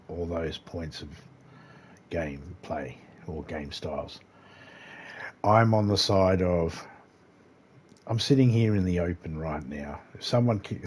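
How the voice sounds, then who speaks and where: A man's voice: low-pitched, darkish tone, slightly rough. A man with an Australian accent chatting casually as he livestreams a game, rambling and laid-back, swearing now and then. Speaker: gaming livestreamer. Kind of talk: casual gameplay commentary.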